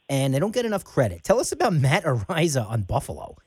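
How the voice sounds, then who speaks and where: A man co-hosting sports radio, upbeat and animated as he moves the show along. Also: mid-range voice, fast talker, breathy edge, no room sound, clean studio sound.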